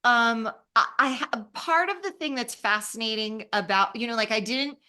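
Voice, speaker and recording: A woman in her fifties from Los Angeles, a travel writer telling stories in an interview, animated and acting out the voices she quotes. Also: on the high side, moderate pace, clean tone. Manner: animated, acts out quoted voices, laughs often. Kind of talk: casual storytelling in an interview.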